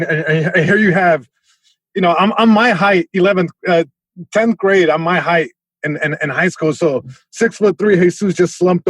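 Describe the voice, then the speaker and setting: A man from Southern California, a comedian guest telling a story on a podcast, animated, with many restarts. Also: high-pitched, dry recording, poor audio.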